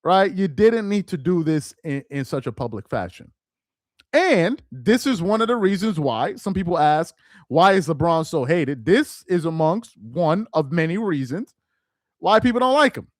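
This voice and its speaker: High-voiced man riffing casually on a live stream. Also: big pitch swings, normal speed, no room sound, studio quality. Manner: loose, slangy, repeats himself for emphasis.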